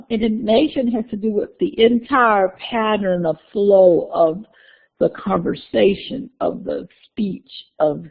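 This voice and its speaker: Her medium-pitched voice has vocal fry and a breathy edge. She's a university lecturer covering course material for her class in a classroom, peppering it with "uh" and small restarts, recorded with phone-like quality.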